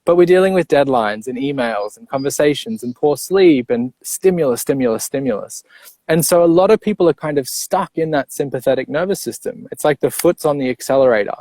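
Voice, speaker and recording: A man in the role of a breathwork coach, explaining calmly and clearly. He walks through points one by one, often checking in with a quick "right?". His voice sits at a middle pitch and the recording is dry and close. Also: no echo. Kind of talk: explanatory interview talk.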